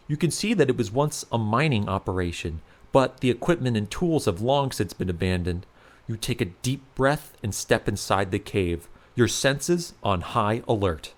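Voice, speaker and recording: A man narrating a second-person fantasy adventure story aloud, in an expressive reading style. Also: mid-range voice.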